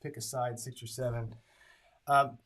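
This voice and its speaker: Heard through poor audio, this mid-range male voice moves at a normal speed. He's a craps strategy host on a live stream, casually calling every roll, counting up his bets, and speaking directly to chat.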